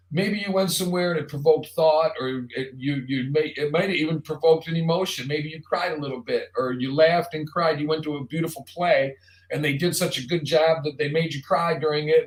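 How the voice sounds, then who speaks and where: A man hosting a live online show, talking casually in a rambling, jokey monologue straight to the viewer. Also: a little high. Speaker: show host. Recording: roomy echo.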